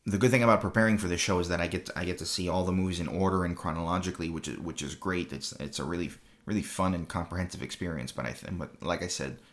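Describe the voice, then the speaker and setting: A man's voice: deep voice, fairly even intonation, quick pace, few pauses. A man hosting a film review show, talking casually and rambling, with many fillers and repeated phrases.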